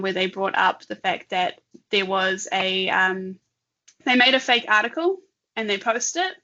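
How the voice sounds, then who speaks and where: A woman co-hosting an online talk, chatting casually and thinking aloud while demonstrating software, laughing often. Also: mid-range voice, highs cut off. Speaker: webinar co-host. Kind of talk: casual live demo chat.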